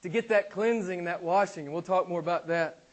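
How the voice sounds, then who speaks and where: Male pastor, high voice, emphatic sermon delivery, acts out quoted voices. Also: fairly quick. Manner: emphatic preaching, acts out voices of people blaming God. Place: church.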